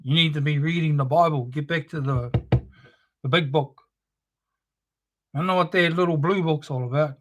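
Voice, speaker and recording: Pitched a touch high, a man speaks at a moderate pace with long pauses while hosting a livestream. His monologue is impassioned and moralizing, combative, and heavy with curse words.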